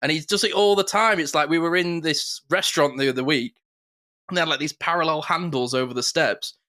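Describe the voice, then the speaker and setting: A man, co-hosting a podcast and telling stories with quick impressions in casual chat. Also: on the high side. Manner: animated, quick storytelling with impressions. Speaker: podcast co-host.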